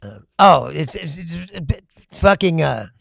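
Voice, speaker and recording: A man from Kentucky, chatting casually with his viewers, telling loud stories and laughing often. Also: a little high, expressive, unhurried, vocal fry, no room sound. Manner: laughing often, loud storytelling with sudden shouts. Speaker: comedian streamer. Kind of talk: casual chat with live chat.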